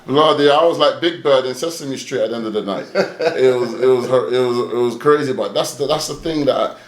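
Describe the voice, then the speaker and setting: A man's voice: medium pitch, brisk. London man telling stories in a roomy space. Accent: London English. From London, England. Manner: animated storyteller, acts out quoted voices. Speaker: interview guest. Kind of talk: casual storytelling interview.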